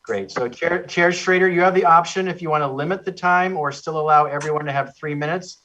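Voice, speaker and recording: Man, county staff, reading procedure, measured, off-mic, muffled. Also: on the high side, pushed and bright. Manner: measured, formal, with fillers. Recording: distant muffled meeting audio.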